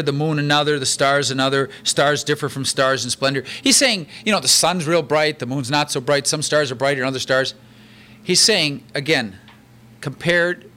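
A man preaching a sermon in an animated, conversational way, reading verses and explaining them with everyday examples. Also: fairly high pitch. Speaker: pastor.

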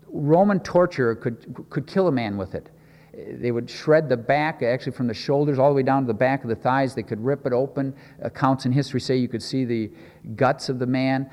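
A man's voice: medium pitch, a little mellow, long reverb tail. A man preaching in a conversational, explanatory way, asking the audience questions as he teaches a Bible passage.

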